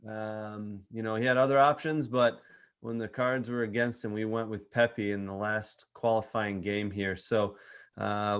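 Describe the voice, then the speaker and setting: A man co-hosting a soccer talk show, chatting casually and upbeat, with some sarcasm and quick questions to his co-host. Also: on the low side, a bit bright, clear, resonant tone. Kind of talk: casual sports chat.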